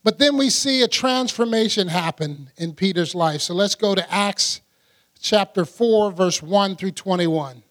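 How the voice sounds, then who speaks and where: Male preacher, high-pitched, casual teaching tone, acts out the stories. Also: a little slow, a bit bright. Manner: chatty, laughs often, acts out scenes. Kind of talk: conversational Bible teaching.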